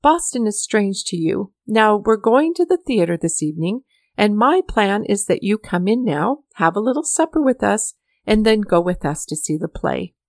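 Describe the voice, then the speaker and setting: A woman's voice: mid-range voice, sing-song, moderate pace, no echo, clean studio sound. A woman voicing a kindly, chatty elderly male poet who plays an eager host, read in a storybook. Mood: genial.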